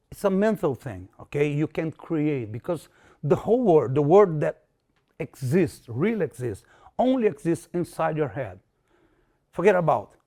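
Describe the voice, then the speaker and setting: Slow, gravelly man speaking broken English. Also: on the high side, warm tone. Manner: broken English, repeats words, acts out quotes. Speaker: martial arts instructor. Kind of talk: motivational talk.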